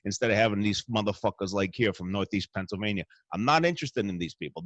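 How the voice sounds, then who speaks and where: A man's voice: fairly low pitch, animated, fast talker, hardly any pauses, dry recording, lo-fi sound. A man guest-hosting a show with a crude, rambling and boastful comic monologue from a hotel room. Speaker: stand-in host.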